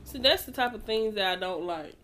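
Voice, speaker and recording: A woman co-hosting a podcast in a recording studio, chatting casually in an animated, teasing, emphatic way. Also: medium pitch, fairly quick, slight background noise. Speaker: podcast co-host. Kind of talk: casual chat.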